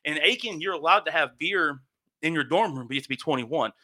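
Young guy w a really bright voice, spinning a wild story w lots of swearing, kinda high. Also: quick pace. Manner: animated, swearing, acts out quotes. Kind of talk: casual storytelling.

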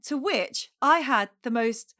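A woman in her forties, co-hosting a podcast, telling stories in a chatty, animated way and acting out her own outbursts. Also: high-pitched, slow pace. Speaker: podcast co-host. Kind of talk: casual chat.

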